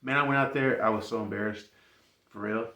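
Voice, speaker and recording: A man's voice: fairly low pitch, fairly quick. Man telling a story in an echoey room. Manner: animated, laughs through the story. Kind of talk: casual personal storytelling. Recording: roomy echo.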